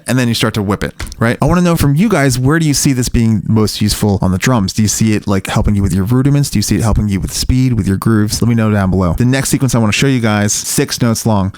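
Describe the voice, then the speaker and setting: A man teaching drum technique in a recording studio, counting beats out loud in an easygoing way as he plays. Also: mid-range voice, slight background noise. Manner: relaxed, counts beats aloud while playing. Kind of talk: instructional demonstration with counting. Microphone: studio mic near the drum kit.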